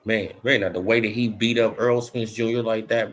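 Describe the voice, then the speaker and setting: A boxing commentary vlogger with a fairly low voice talks at a moderate pace in a casual opinion rant. He leans on slang and fillers like "bro" and "you know," and the back half rises into animated mocking.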